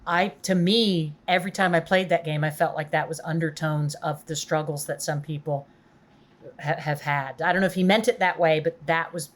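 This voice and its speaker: A woman's voice: low-pitched, fairly even intonation, moderate pace. A woman guesting on a gaming podcast, chatty and enthusiastic in casual chat.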